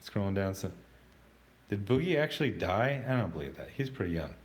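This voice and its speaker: A man hosting a casual livestream, reading out chat comments in a rambling, halting way with many fillers and restarts. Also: on the low side, sing-song.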